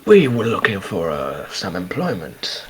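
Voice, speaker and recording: A man speaks slowly and haltingly as a player at the table, his pitch rising and falling a lot as he searches for words. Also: wildly swooping pitch, rough recording. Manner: slow, halting, hesitant. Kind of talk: tabletop role-play, in and out of character.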